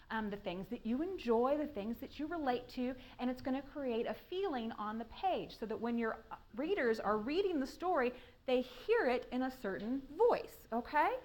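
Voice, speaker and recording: Animated, high-voiced woman giving a talk. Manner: animated, laughs often, acts out questions. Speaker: writing workshop speaker. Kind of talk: conference talk. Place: room with an audience.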